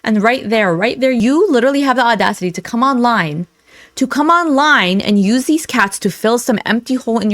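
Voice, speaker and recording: A woman's voice: medium pitch, no room sound. A woman commentator speaking bluntly and with indignation. Her voice sits mid-range, and the recording is close and dry with no room sound. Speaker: reaction commentator. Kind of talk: commentary reaction.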